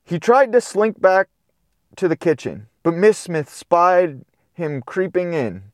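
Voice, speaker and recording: A man's voice: high voice, sing-song, takes it slowly, no echo, clean studio sound. A man reading a children's storybook aloud, breaking off for chatty, playful commentary. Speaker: storybook reader. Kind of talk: casual read-aloud with commentary.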